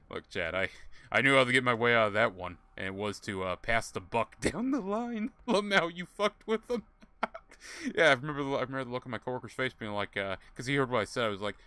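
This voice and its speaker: Animated and brisk, a man streams a game in a medium-pitched voice that sounds pushed, bright and smooth, with no room sound. His casual commentary drifts into rambling, profane stories that he laughs his way through.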